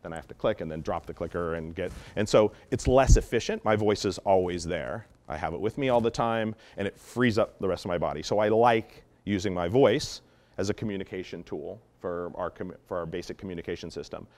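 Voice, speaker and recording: A man explaining dog training methods in an animated teaching talk, acting out example tones of voice as he goes. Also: sits low, brisk. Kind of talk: instructional talk.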